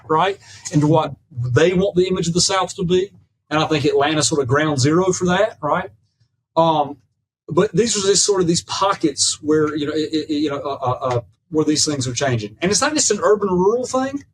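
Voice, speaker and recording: A man with a fairly high voice talks in a measured, professorial way, drifting between academic terms and folksy "ain't". He keeps checking in with "right?" as he builds his case. A faint rumble sits under the recording. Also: low-quality recording. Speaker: podcast guest, professor of Southern studies. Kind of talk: conversational lecture.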